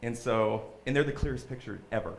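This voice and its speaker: A man, a guest on an interview show, giving an earnest, halting personal testimony. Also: mid-range voice, vocal fry. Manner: earnest, halting, repeats himself.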